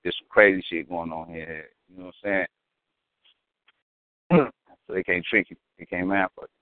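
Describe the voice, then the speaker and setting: Man, very deep voice, casual slangy talk, tinny phone-like sound. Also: fairly even intonation, normal speed, no room sound. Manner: slangy, emphatic, storytelling. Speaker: podcast co-host. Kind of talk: casual chat.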